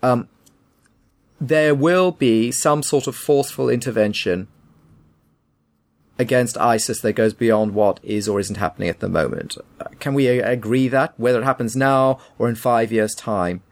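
Creaky-voiced opinionated man. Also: mid-range voice, normal speed. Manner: opinionated, emphatic, with frequent restarts. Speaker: podcast co-host. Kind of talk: casual argumentative chat.

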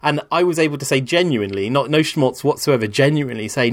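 A man in his thirties talks in a loose, rambling way, circling back on his own thoughts as he tells a long personal story. His voice sits at an ordinary middle pitch. He sounds candid and unguarded, the kind of talker who admits when he is going off on a tangent. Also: fast talker, few pauses. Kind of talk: casual conversation.

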